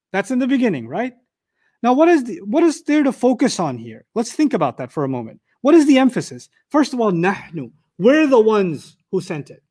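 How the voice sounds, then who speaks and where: A man teaching a lesson on scripture, animated, asking the audience rhetorical questions and reciting Arabic verses quickly. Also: high-pitched. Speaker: Quran teacher. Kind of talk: lecture on scripture.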